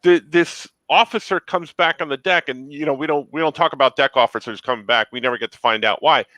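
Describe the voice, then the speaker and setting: A man's voice: on the high side, quick pace, bright, forceful tone, dry recording, low-quality recording. A man co-hosting a podcast, frustrated, often restarting his sentences with stammers in casual chat. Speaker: podcast co-host.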